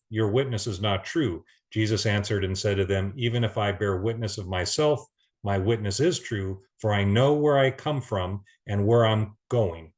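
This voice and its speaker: A man giving an earnest Bible teaching, reading scripture aloud with pauses and restarts. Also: lowish voice.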